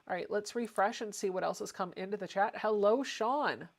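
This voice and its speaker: A woman's voice: mid-range voice, moderate pace, vocal fry. A woman hosting a casual home livestream, chatting and reading viewer comments aloud. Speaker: livestream host.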